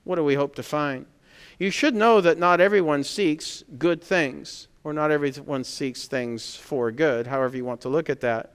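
A man preaching a sermon in a conversational, emphatic way, pressing points with loud stresses. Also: on the high side, moderate pace, clear, resonant tone, big-room sound.

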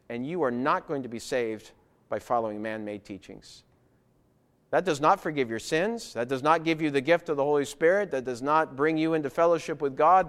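A man's voice: fairly high pitch, clear, resonant tone. A man preaching a sermon in a church, earnest and emphatic, hammering home key phrases through repetition. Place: church with baptistry.

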